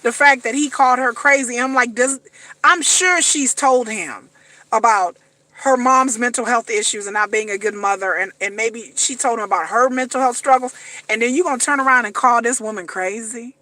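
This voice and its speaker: Bright-voiced woman ranting profanely. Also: fairly high pitch, normal speed, no echo. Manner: profane, emphatic, repetitive. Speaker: reality TV commentator. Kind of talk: casual ranting commentary.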